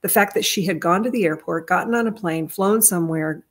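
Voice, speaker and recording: A woman's voice: lowish voice, a little fast. A woman telling a personal family story in a casual monologue, earnest and rambling, with frequent restarts and her voice lifting at emotional points. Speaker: vlogger retelling a family story.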